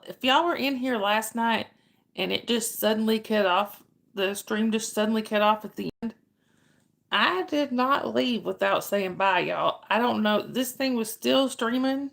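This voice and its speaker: A woman's voice: mid-range voice, vocal fry, a bit bright. A middle-aged woman, hosting a casual livestream and chatting with viewers by name. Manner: chatty, greets viewers by name, answers chat questions. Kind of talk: casual live chat.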